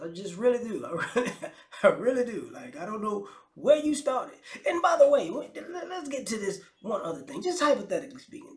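Man, comic vlog rant, incredulous and mocking; gravelly, echoey room. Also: high-pitched. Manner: mocking, incredulous, repeats words, laughs often. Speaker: commentary vlogger. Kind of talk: casual comedic rant. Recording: roomy echo.

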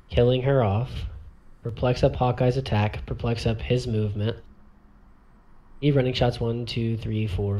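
A man's voice: medium pitch, a little mellow. A man thinking aloud as he walks through a tabletop game turn, counting squares and correcting himself as he goes. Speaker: tabletop miniatures player walking through a turn. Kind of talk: thinking aloud while demonstrating game moves.

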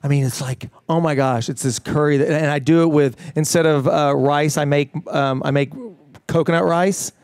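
A middle-aged man as the guest in a casual interview, talking with animated enthusiasm and many fillers and restarts. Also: a little high, moderate pace, hardly any pauses, dry recording. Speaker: fitness trainer guest.

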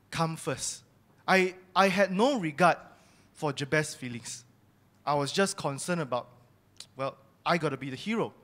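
A young man with a fairly high-pitched, fairly bright voice gives a personal testimony sermon at church. He tells his story candidly and confesses his own faults.

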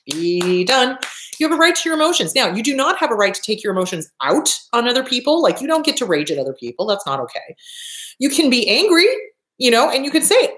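A middle-aged woman, a therapist, giving blunt, profane, expressive advice in a casual monologue. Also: a little high, quick pace. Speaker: therapist, show host. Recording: echoey room.

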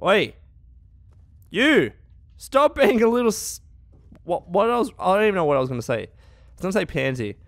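A young man giving exasperated, profane commentary while playing a video game, often shouting at enemies. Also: sits high, very animated, moderate pace, long pauses, no echo. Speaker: let's play gamer. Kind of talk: gameplay commentary.

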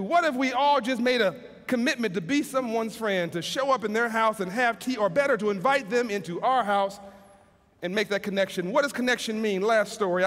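A man giving an inspirational keynote speech in an event hall, telling stories with emphatic, slowed phrases and frequent restarts. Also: extremely high pitch, fairly bright tone. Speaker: keynote speaker. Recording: long reverb of a large hall.

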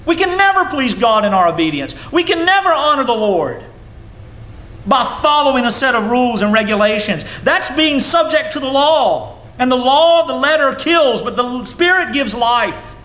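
A pastor delivers a sermon, his voice pushed and bright, moving at a moderate pace with big swings in pitch. It climbs and drops sharply as he preaches. The room sounds echoey, with faint background noise.

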